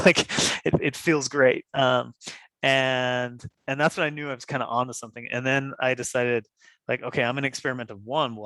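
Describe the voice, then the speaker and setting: Podcast guest: man, mid-pitched, animated storyteller, dry close sound. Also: no echo. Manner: animated, laughs often, acts out quoted dialogue. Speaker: podcast guest, running shoe designer. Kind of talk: casual storytelling.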